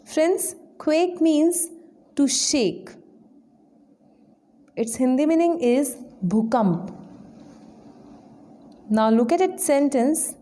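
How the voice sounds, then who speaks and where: Female English trainer, high voice, deliberate slow lesson delivery. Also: mellow. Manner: slow, deliberate word-by-word explanation. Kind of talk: vocabulary lesson.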